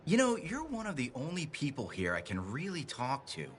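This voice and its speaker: A man's voice: fairly high pitch, wildly swooping pitch, moderate pace, slight background noise. An actor playing an eager, talkative young man in video game dialogue.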